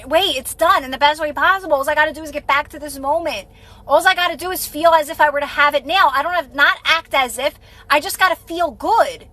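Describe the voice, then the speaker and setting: A woman's voice: high-pitched, bright, forceful tone, poor audio. A woman giving casual, repetitive, reassuring advice on a live stream and answering viewer comments as a manifestation coach.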